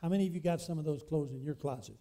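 A man's voice: a little high, rapid-fire, mellow. A man preaching a sermon, emphatic and fond of asking his congregation questions.

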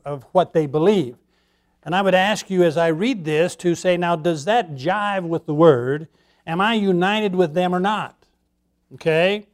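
A man's voice: fairly high pitch, a little mellow. A man pastor preaching a sermon in a conversational way, putting questions to his congregation.

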